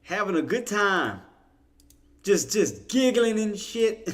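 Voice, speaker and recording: A man's voice: high-pitched, very animated, slow. A man hosting a trading livestream, joking and laughing with his chat in loose, slangy banter. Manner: laughing, teasing banter with viewers. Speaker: stock trading livestream host. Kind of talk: casual livestream commentary to chat.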